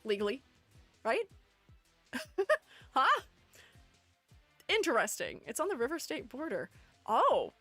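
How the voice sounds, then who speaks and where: Woman streamer, bright-pitched and very animated, playful chat with viewers, dry close mic. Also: slow pace, long pauses, no echo, faint music behind. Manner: chatty and playful, reading chat aloud and answering it. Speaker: streamer ranking game character designs. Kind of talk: casual livestream chat, greeting viewers.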